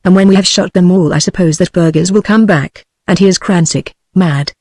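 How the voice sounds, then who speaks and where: A woman's voice: on the low side, fairly quick, dark tone, husky, no echo. Old Boer farmer, mournful, repetitive, read by a British-accented synthetic woman, dry sound. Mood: grumbling. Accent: British English.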